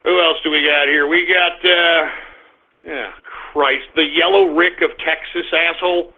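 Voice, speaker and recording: Brief: male streamer-host, crude and belligerent, erupts into shouting tirades, high voice, phone-thin audio. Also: fairly even intonation, measured pace, phone-quality sound. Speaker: internet radio host. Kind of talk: live streamed radio rant.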